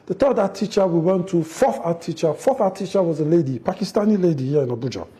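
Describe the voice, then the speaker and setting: A middle-aged man, telling a family story in an interview, animated and acting out the quotes, with frequent restarts. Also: sits high, quick pace. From Nigeria. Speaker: interview guest, father.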